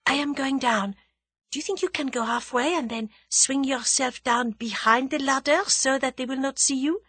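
A woman reading aloud, voicing a quick-witted young maid who talks in hushed, urgent tones and breaks into shrill cries. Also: slightly rough, no room sound. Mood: brisk urgent.

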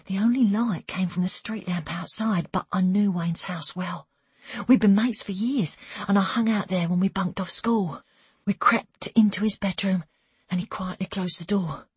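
Woman, first-person audiobook narrator, steady and breathy, dry close recording. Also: medium pitch, normal speed, no room sound. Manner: even, steady storytelling with hushed asides.

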